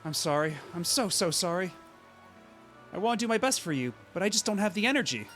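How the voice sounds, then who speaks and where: A man voicing a gentle young horse girl from a game, soft and apologetic, drained of energy. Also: sits high, lively intonation, a little fast, soft background music. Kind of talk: reading game dialogue aloud.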